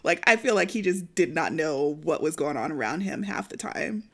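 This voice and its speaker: A woman co-hosting a casual book chat, relaxed and quick to laugh, using plenty of fillers. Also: low voice. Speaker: book podcast co-host.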